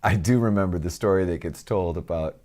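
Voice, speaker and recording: A man's voice: sits low, fairly quick. A middle-aged man co-hosting a podcast in casual banter, joking and often slipping into put-on voices. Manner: jokey, animated, breaks into put-on voices and laughs. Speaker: podcast co-host.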